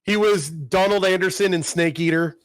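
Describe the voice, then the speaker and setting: A man's voice: high voice, moderate pace, dry recording. A man co-hosting a podcast, recapping a game plot in a rambling, profane casual chat. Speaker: podcast co-host.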